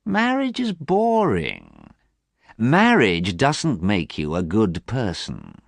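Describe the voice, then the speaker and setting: A man voicing a cynical, worldly man with a slow, sneering drawl, recorded close and dry. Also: fairly low pitch, wildly swooping pitch, gravelly, no echo, pitched above the performer's own voice, heavily acted.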